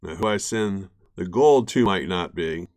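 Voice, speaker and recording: A man's voice: deep voice, lively intonation, a little slow, a little mellow, no room sound, clean studio sound. A young man hosting a live stream, chatting casually with viewers and laughing often as he pans gold. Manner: laid-back, chatty, laughs often, talks to viewers and his cat. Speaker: gold prospecting livestream host. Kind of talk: casual live-stream chat while panning.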